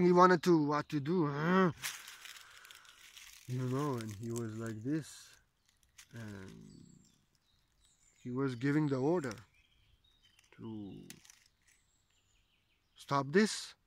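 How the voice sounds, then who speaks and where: Male spiritual teacher, higher voice, rambling storyteller in broken English, dry close sound. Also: no room sound. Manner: digressive, simple broken English with frequent "you know".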